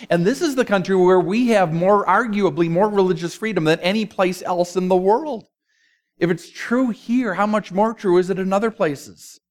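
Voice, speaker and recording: A man's voice: sits high, moderate pace. Man preaching an emphatic sermon. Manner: storytelling, emphatic, drops to quiet.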